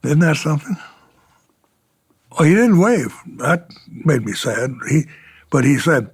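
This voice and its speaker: A man's voice: on the high side, big pitch swings, unhurried, pauses often, husky, no echo. An older man, a retired fighter pilot, telling war stories in an oral history interview, chuckling and acting out the exchanges he quotes.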